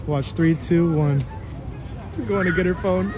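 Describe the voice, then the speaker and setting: A man's voice: high voice, unhurried, a crowd in the background. A young man narrating prank videos about his sisters in a teasing, playful way. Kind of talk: casual vlog narration.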